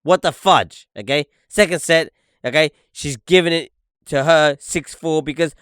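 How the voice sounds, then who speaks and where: A man's voice: a little high, measured pace, fairly bright tone, smooth, no room sound, studio quality. A young man hosting a podcast, ranting and swearing as he comments on video clips, repeating "look" and "okay". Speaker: podcast host.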